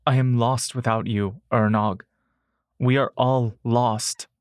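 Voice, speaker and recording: A man's voice: mid-range voice, fairly even intonation, takes it slowly, clear, resonant tone, no room sound, natural voice. A man reading a weary woman leader. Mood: earnest. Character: pregnant woman leader, weary but resolute.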